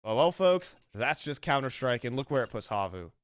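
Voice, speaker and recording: A man casting an esports match play-by-play, building to excited shouts on big plays. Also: mid-range voice, moderate pace, smooth. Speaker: esports caster. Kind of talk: live play-by-play commentary. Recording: game audio and noise behind. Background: game gunfire.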